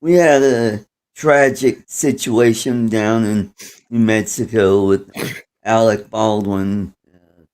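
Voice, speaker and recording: A man's voice: on the low side, steady tone, takes it slowly, darkish tone, clear, resonant tone. A man on a political chat panel, speaking bluntly. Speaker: show regular.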